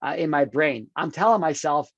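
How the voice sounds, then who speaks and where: A man's voice: a little high, lively intonation, normal speed, no echo. Intense man telling his story, dull dry sound. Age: 30s. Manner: intense, emphatic, keeps addressing the host with "dude" and "check this out". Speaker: podcast guest. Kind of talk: personal storytelling in conversation.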